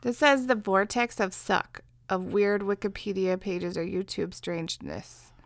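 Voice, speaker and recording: A woman's voice: mid-range voice, steady tone, a little slow, no room sound. Chatty woman with a Jersey accent. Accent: New Jersey. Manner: chatty, swears freely, reads listener questions. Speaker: podcast co-host. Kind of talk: casual chat.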